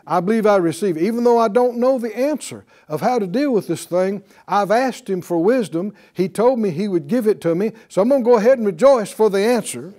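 Animated high-voiced man preaching. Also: fairly quick, few pauses. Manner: lively, laughing asides, quotes scripture, acts out little dialogues. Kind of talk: sermon.

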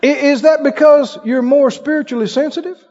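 A man's voice: extremely high pitch, fairly quick, crowd noise. A man preaching a sermon, telling stories with laughs and acted-out voices. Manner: animated storytelling with laughs and acted-out quotes. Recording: dull sound with long hall reverb.

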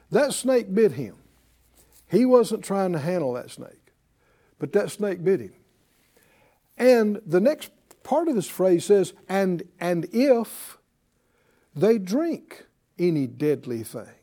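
A man teaching a Bible class as a sermon, animated and calling out to his class. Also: high voice. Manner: animated, addresses the class, acts out panicked voices.

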